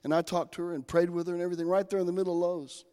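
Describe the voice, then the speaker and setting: Preacher, male, folksy storyteller, high voice, church reverb. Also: little pitch movement, rapid-fire, clean tone. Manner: folksy storytelling, swings from soft to loud. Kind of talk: sermon with personal stories. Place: church sanctuary. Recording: long hall reverb.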